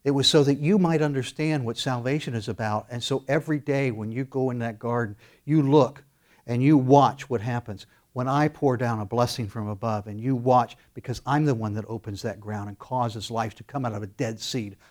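A man preaching a sermon, animated, acting out quoted voices as he goes. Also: mid-range voice, normal speed. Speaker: pastor.

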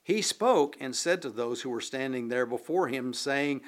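A man preaching a sermon, reading scripture and explaining it in a deliberate, unhurried way with occasional fillers. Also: mid-range voice, expressive. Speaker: pastor.

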